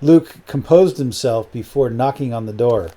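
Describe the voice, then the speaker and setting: A man narrating an audiobook novel in a steady, matter-of-fact way. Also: mid-range voice, normal speed, noisy background. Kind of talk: scripted narration.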